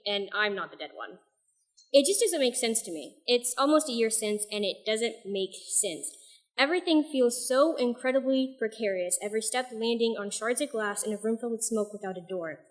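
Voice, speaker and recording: A young woman reading her own poetry and a novel excerpt aloud at an open mic night, soft-spoken and a little self-deprecating between pieces. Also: fairly high pitch.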